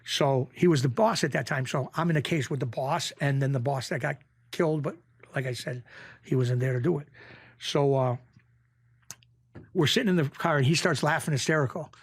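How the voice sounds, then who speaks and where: New guy in his 50s telling stories, kinda higher voice, does everybody's voices. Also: normal speed, husky. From Springfield, Massachusetts. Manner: animated anecdotes, acts out quoted voices. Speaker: guest. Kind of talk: casual storytelling.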